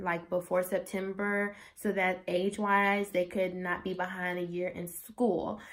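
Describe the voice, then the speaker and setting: A young adult woman vlogging, telling a personal story in a casual, chatty way, saying "like" constantly and acting out what others said. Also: mid-range voice. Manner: chatty, animated, says "like" constantly, acts out quotes.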